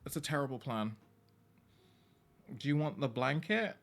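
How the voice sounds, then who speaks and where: A man's voice: mid-range voice, animated, a little slow, gravelly, fairly bright tone. A man chatting casually on a live game stream, opinionated and talkative, talking to his cat between bits of gameplay.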